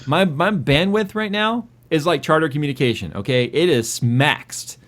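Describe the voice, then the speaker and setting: A man's voice: fairly high pitch, moderate pace, a bit bright. A man co-hosting a casual tech livestream, reading donation messages and chatting in an exasperated, jokey way about being stressed.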